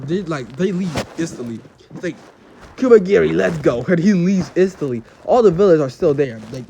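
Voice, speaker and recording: A man casually telling an imagined fan story, rambling along with lots of "like" and quick quoted lines. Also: on the high side, warm tone, a little hiss or hum.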